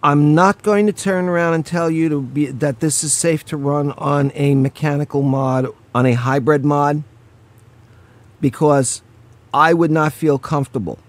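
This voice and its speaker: A man reviews a small gadget at his own pace, slow and unhurried, with a voice sitting a little high for a man. He talks the viewer through each step in a loose, chatty way and stops now and then to apologize for small slips. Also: fairly even intonation. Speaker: product reviewer. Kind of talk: hands-on product review.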